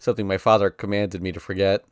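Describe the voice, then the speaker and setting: Deep-voiced man reading a visual novel. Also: fairly even intonation, fast talker, clear, resonant tone, no echo, studio quality. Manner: casual first-person narration that voices sound effects playfully.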